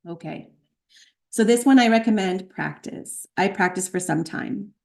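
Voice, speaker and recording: A woman teaching a spiritual practice, slowly chanting and repeating sacred sound names, with light laughs at her own slips. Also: medium pitch, gravelly, darkish tone. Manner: chants tone names slowly, then explains briskly. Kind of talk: chanting lesson.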